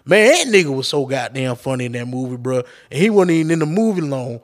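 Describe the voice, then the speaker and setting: Very animated and fast, with few pauses, a man rants on his own podcast in a mid-range voice. The solo rant is casual and profane, aimed directly at his listeners.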